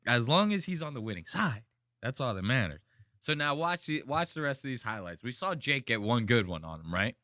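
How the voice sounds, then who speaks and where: Man, podcast host, bright forceful voice, dry close sound, profane, animated. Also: fairly quick, dry recording. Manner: animated, profane, mimics people in high voices. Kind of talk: casual podcast commentary.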